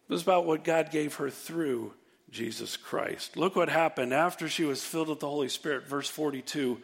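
A man delivering a sermon in a fairly high voice. He preaches with animation, swinging from loud, emphatic bursts to low, hushed passages. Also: normal speed, gravelly. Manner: animated preaching, rising to near-shouts and dropping low. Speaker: pastor.

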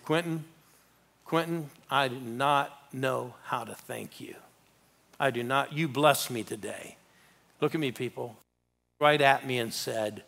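A man's voice: fairly high pitch, bright, forceful tone. A man preaching as a guest pastor in a church, telling a story and urging the congregation to respond. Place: church sanctuary.

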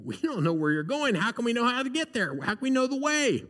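A man's voice: very high-pitched, very animated, fast talker, a bit bright, voice pushed up, exaggerated voice. A man voicing a blunt, doubting male apostle who asks questions in a pleading way, during a sermon.

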